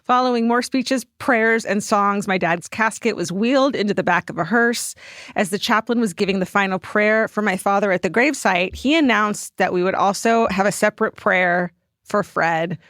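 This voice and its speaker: A woman co-hosting a podcast, reading a listener's story aloud in a lively, dramatic way. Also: medium pitch, no room sound, clean studio sound. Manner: animated storytelling with dramatic pauses. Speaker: podcast co-host.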